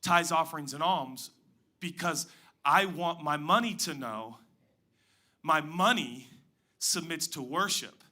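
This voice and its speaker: Male pastor, sermon delivery, very bright tone, slightly high voice, big swings from loud to hushed. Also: takes it slowly, pauses often. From Pacific Northwest. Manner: dynamic preaching, swings from loud emphatic highs to hushed low asides.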